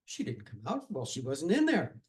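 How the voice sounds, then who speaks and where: A man telling a tall tale at a live storytelling contest, speaking in an animated, dramatic way. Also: fairly high pitch, normal speed, rough recording.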